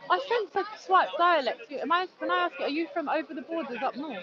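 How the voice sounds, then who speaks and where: A woman in her forties from Scotland, arguing her case in a lively, mocking, conversational way at an outdoor speakers' gathering. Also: very high-pitched, brisk. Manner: animated, conversational, mocking asides. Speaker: street speaker. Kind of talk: outdoor debate chat. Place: outdoors in a busy public park. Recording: dull sound, loud crowd around. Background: loud crowd chatter.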